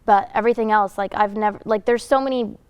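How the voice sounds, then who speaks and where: A woman's voice: mid-range voice, fairly even intonation, clear, resonant tone, dry recording, dull audio. Young woman voice actor, dry sound. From Syracuse, New York. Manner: friendly, chatty, quick to laugh. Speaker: guest voice actor. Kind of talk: casual interview chat. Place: college radio studio.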